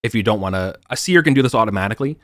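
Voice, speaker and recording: A man narrating as game master over a voice call, halting and full of fillers. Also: lowish voice, expressive, fairly bright tone, no echo, clean studio sound. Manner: halting, many fillers and restarts. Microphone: computer mic on voice call.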